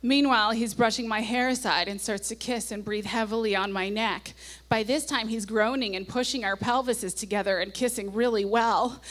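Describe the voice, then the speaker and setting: A woman's voice: on the high side, fairly even intonation, normal speed, fairly bright tone. Woman in her forties reading her old diary aloud. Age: 40s. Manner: wry asides, reads diary passages with mounting gusto. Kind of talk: live comic diary reading. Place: stage at a nightclub before an audience.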